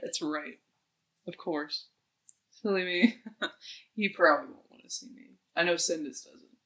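A woman's voice: lowish voice, unhurried, fairly bright tone. A woman playing a tabletop game, speaking playfully and laughing at the table. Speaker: player. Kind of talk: casual tabletop play.

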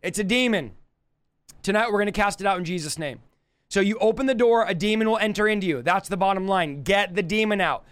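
Young adult male preacher, live teaching; smooth, high-pitched, forceful and repetitive delivery. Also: a little fast. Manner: emphatic, repetitive exhortation.

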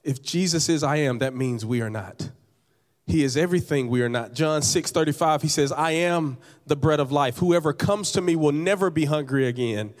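A man preaching a sermon as pastor, repeating phrases and building to emphatic high peaks, sometimes dropping into casual slang. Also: moderate pace. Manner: conversational, uses casual slang.

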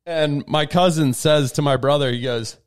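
A man's voice: a little high, normal speed. A man co-hosting a casual home podcast, telling rambling stories and mimicking the people he quotes. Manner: rambling storyteller, animated when quoting people. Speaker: podcast co-host. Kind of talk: casual chat. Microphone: desk mic in a home setup.

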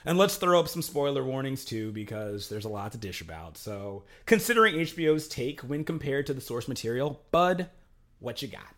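A young man hosting a podcast with an animated, up-and-down delivery. He jokes around in casual chat and reads his show intro with bright energy. His pitch sits in the middle range. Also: moderate pace. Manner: playful, jokey. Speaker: podcast host.

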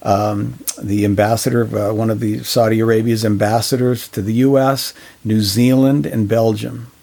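A man's voice: on the low side, little pitch movement, normal speed, vocal fry, warm tone. A man co-hosting a podcast in casual discussion, speaking earnestly with many fillers and restarts. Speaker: podcast co-host.

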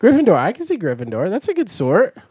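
A young man hosting a casual podcast, rambling cheerfully and laughing between thoughts. His voice sits a little higher than most men's but sounds soft and mellow. The sound is dry, close to the mic. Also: huge pitch swings, a little fast, breathy edge, no echo. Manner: chatty, rambling, giggly. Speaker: podcast host. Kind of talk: casual chat.

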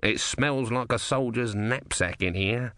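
A man's voice: medium pitch, measured pace, sharp tone, dry recording. A man voicing a small god stuck as a tortoise, talking in a dry, worldly, scheming way in a storybook reading. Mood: wry. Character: small god trapped as a sardonic male tortoise.

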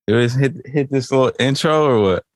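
A man's voice: medium pitch, a little fast, dry recording, clean studio sound. A laid-back man co-hosting a podcast, chatting casually, swearing and laughing often. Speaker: podcast co-host.

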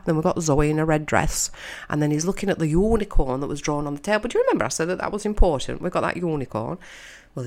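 A woman giving casual, wry commentary as she narrates a film, chatting and thinking aloud. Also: sits low. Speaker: audio narrator.

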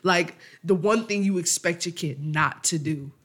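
Animated laughing male podcast co-host. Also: a little high, unhurried. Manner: animated storytelling, laughs often, acts out quotes, swears freely. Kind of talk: casual chat.

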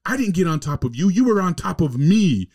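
A man putting on a high, shrill wife who insists on her point. The voice is pushed well above his normal speaking register and stays indignant and stubborn throughout. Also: big pitch swings, a little fast, mellow. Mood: insistent.

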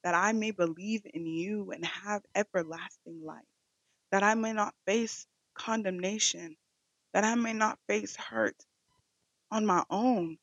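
A woman's voice: mid-range voice, a little slow, a bit bright, no room sound, muffled recording. A woman hosting a devotional podcast, speaking in a fervent, repetitive prayer cadence. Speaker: podcast host.

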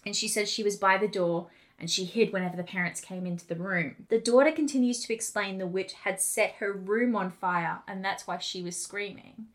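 A woman co-hosting a podcast, telling a haunting story in a casual, animated way with quick asides. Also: medium pitch. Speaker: podcast co-host.

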